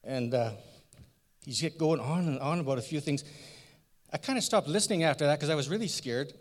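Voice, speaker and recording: A man's voice: fairly high pitch, expressive, brisk, lightly acted. A man playing the elderly priest Zechariah in a first-person church skit, telling his story in an earnest, folksy, rambling way. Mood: earnest retelling. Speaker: church member in a sermon skit. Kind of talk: first-person dramatic monologue. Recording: long church hall reverb.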